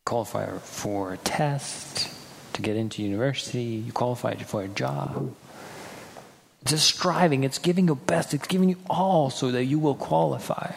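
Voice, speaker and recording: A man's voice: mid-range voice, normal speed, gravelly, a little hiss or hum. A man preaching a sermon earnestly, acting out quoted people now and then, in a church hall. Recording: hall reverb with faint ambience.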